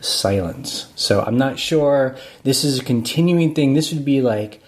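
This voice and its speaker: A man's voice: medium pitch, expressive, unhurried. Joking man co-hosting a podcast. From United States. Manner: joking, teasing. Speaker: podcast co-host. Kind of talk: casual chat.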